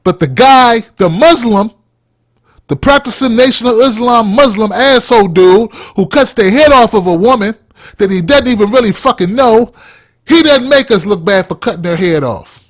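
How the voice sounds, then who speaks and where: A man's voice: high-pitched, lively intonation, normal speed, no room sound, clean studio sound. A man hosting a podcast, delivering a heated, blunt opinion rant full of swearing. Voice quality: blunt, heated, heavy cursing. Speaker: podcast host.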